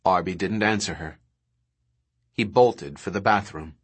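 A man narrating an audiobook in a steady, dramatic reading. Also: sits low, a little slow, slightly rough. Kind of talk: scripted narration.

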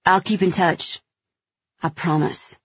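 A woman narrator voicing a gentle young man who says a soft-spoken, sincere goodbye. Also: high-pitched, fairly even intonation, takes it slowly, slightly rough, no echo, highs cut off, full character voice.

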